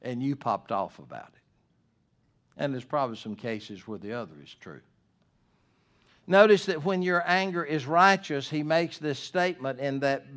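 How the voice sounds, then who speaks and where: A man preaching a sermon earnestly, moving between loud emphatic points and low, hushed asides. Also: normal speed. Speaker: pastor.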